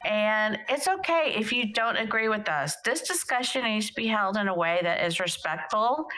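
A woman co-hosting a casual chat show, earnest and upbeat. Her voice is bright and forward, and her pitch sits in the middle. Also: animated, normal speed, poor audio. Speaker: podcast co-host.

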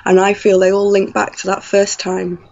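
A woman telling a personal story in an animated way, acting out her own past thoughts. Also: mid-range voice, moderate pace, gravelly. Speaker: guest. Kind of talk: conversational storytelling. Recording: slightly dull lo-fi audio.

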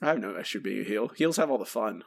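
A man co-hosting a podcast, ranting in an exasperated, animated way in casual chat. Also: fairly low pitch, fast, gravelly, slightly rough. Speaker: podcast co-host.

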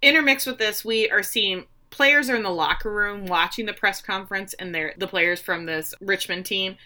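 A woman's voice: medium pitch, normal speed, sharp tone. A woman casually recapping a TV episode with a co-host, acting out quotes in playful voices. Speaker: podcast co-host recapping a show.

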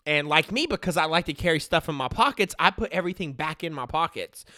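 A man's voice: fairly high pitch, expressive, quick pace, sharp tone, no echo, clean studio sound. A man in his thirties telling a comic story in a slangy way, checking in with the listener all the time. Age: 30s.

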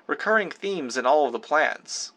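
A man reading an audiobook, voicing a sly, knowing young woman schemer with a quick, wry, teasing delivery. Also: on the high side, animated, a bit bright.

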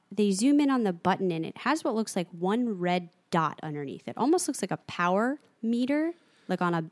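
A woman co-hosting a casual podcast discussion, reading passages aloud in an animated way. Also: medium pitch, no room sound. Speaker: podcast co-host. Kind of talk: casual book and show discussion.

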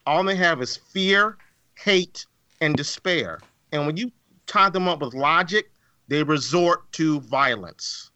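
A man's voice: a little high, expressive, slow pace, bright, forceful tone, a little hiss or hum. A man co-hosting a podcast in casual chat, talking emphatically and repeating words for effect. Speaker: podcast co-host.

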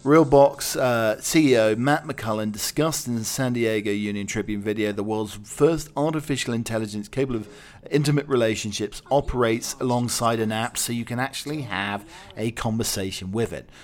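A man's voice: medium pitch, normal speed. A British man hosting a casual talk show, wry and chatty, with many fillers. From United Kingdom. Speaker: host. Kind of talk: casual chat.

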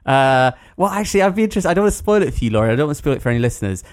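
A man's voice: fairly high pitch, sing-song, racing, dry recording, studio quality. A man co-hosting a podcast in casual chat, playful and teasing. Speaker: podcast co-host.

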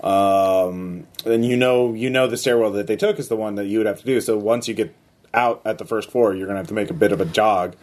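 A man narrating as game master of a tabletop game, talking loosely and haltingly with many fillers. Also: on the low side, a little mellow.

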